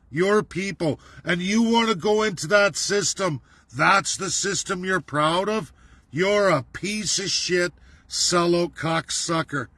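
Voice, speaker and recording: A man's voice: on the high side, sharp tone, dry recording. A man delivering an angry, profane political rant, heated and accusatory. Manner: heated, swearing, accusatory, emphatic. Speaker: political commentator.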